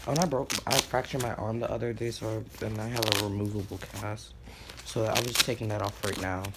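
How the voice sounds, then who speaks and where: Gravelly man rambling through a made-up story. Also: lowish voice, steady tone, a little fast, very noisy. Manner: rambling, many fillers and restarts. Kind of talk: improvised fan-fiction storytelling.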